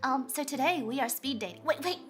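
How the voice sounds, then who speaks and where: A woman's voice: high-pitched, a little fast, a bit bright. A woman hosting a stream, chatting playfully with frequent stammers, teasing and laughs. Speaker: streamer host. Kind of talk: playful casual chat.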